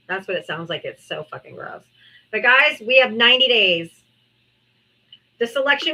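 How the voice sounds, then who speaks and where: A woman's voice: medium pitch, moderate pace, sharp tone, poor audio. A woman hosting a live political debate stream, talking in a brash, mocking, profane way.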